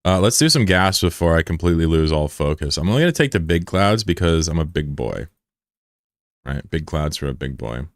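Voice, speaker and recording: A man hosts a live stream in casual chat, teasing viewers with crude, joking banter. His voice sits low, and the sound is close and dry with no room echo. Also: expressive, brisk.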